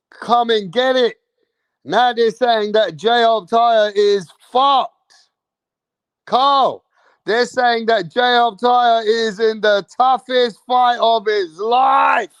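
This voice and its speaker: A high-pitched man holds forth on a casual live stream, brash and profane, taunting rival fans and leaning on "bro" at the end of his lines. He talks slowly and keeps circling back to the same phrases. The sound is dry and close, with no room around it. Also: fairly bright tone, smooth, no room sound. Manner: repeats phrases, peppered with "bro". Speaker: boxing livestream host. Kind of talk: casual live commentary to a chat.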